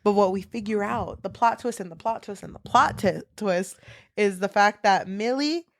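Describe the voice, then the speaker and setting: A woman's voice: mid-range voice, moderate pace, dry recording. A woman co-hosting a casual book podcast, candid and profane, dramatically quoting characters as she recaps the plot. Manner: loose and candid, swears freely, quotes characters dramatically. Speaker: podcast co-host. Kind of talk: casual book discussion chat.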